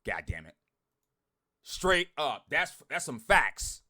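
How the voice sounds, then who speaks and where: A man ranting bluntly to his online group, swearing a lot, repeating himself and swinging from loud outbursts to muttering. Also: on the high side, very animated, takes it slowly. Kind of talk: heated profane rant to followers.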